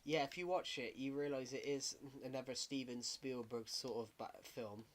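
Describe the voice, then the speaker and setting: A man's voice: mid-range voice, steady tone, normal speed, a little hiss or hum. Rambling man streaming a game. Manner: rambling, self-correcting, chatty. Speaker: gaming livestreamer. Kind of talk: casual livestream chat while gaming.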